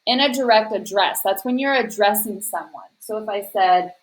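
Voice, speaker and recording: A woman's voice: medium pitch, moderate pace, poor audio. A woman teacher walking students through a grammar worksheet, explaining patiently step by step and speaking directly to her class. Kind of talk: recorded class lesson.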